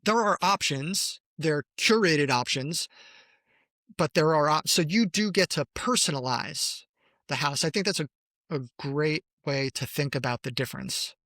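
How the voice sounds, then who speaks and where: A man's voice: on the high side, measured pace, sharp tone, no echo, clean studio sound. A man co-hosting a podcast in casual chat, talkative and giggly, often trailing off mid-thought. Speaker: podcast co-host.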